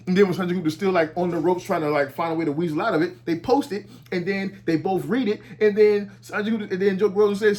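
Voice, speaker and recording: Animated, profane man ranting at home. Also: high voice, fast talker, few pauses. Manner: animated, profane, stumbles and restarts often. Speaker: commentary vlogger. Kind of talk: casual commentary. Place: at home with his dog nearby.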